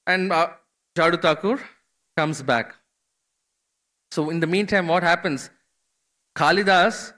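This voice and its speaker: A man's voice: on the high side, pushed and bright. A man giving a devotional scripture class in a temple, telling a story in a conversational way with many fillers and restarts.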